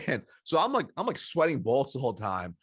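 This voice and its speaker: A man, a sales coach, who is a guest in an interview and tells a story in an animated way, acting out the dialogue and often restarting his sentences. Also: medium pitch, fairly quick, breathy edge, no room sound, clean studio sound. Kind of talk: anecdotal storytelling.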